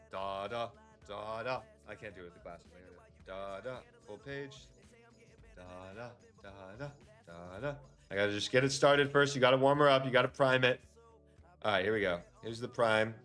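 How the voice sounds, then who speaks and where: A man's voice: on the high side, fairly bright tone. A man hosting a casual trading livestream, talking upbeat and chatty to his viewers.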